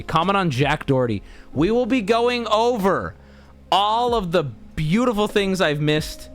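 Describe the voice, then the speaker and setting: Laid-back American man rambling on stream. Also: fairly high pitch. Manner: rambling, laid-back, often restarts and laughs mid-sentence. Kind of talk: casual stream chat.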